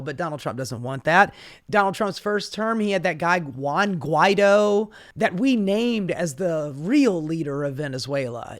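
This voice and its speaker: A man delivering a profane, sarcastic political rant, exasperated throughout. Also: a little high. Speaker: political commentator. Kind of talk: ranting political commentary.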